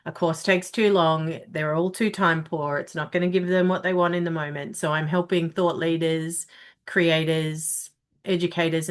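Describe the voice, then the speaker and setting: A woman therapist introducing herself on a video call, talking frankly with many fillers and casual swearing. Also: on the low side. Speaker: parenting therapist and ambassador.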